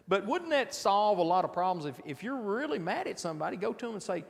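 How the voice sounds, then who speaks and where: A man's voice: sits high, lively intonation, fairly quick, hardly any pauses, fairly bright tone, long reverb tail. A man giving an informal sermon at a midweek church service, talking conversationally and often asking his listeners rhetorical questions. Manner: conversational, asks the audience rhetorical questions, frequent restarts. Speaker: preacher leading a midweek Bible class. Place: church auditorium.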